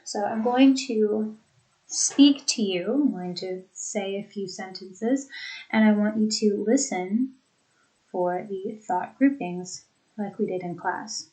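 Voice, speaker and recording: A young woman teacher reviewing a class lesson, speaking deliberately and demonstrating example sentences. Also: medium pitch, warm tone, low-quality recording. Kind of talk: lecture recap for students.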